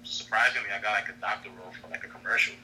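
A man's voice: on the low side, fairly even intonation, rapid-fire, a crowd in the background, poor audio. A man who works as an actor, answering interview questions on a podcast in an easygoing, rambling way. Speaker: actor guest.

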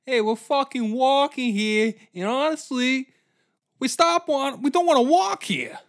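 A man's voice: very high-pitched, expressive, unhurried, voice pushed up, heavily acted. A man putting on a fed-up ancient foot soldier who whines and rambles in circles. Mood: whiny. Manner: whiny, rambling, talking in circles.

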